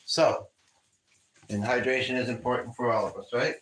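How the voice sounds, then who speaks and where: A man's voice: mid-range voice, fairly even intonation, moderate pace, a bit bright, poor audio. Rambling man chatting on a livestream. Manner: rambling, conversational, frequent fillers. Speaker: livestream host. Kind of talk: casual live chat.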